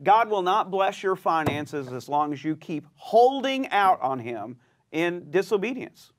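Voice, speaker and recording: A male pastor teaches in a relaxed back-and-forth with a co-host. His voice sits a little high and swings widely in pitch as he acts out the people in his stories. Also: a little slow. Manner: animated storyteller, acts out quoted voices. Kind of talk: sermon-style teaching conversation.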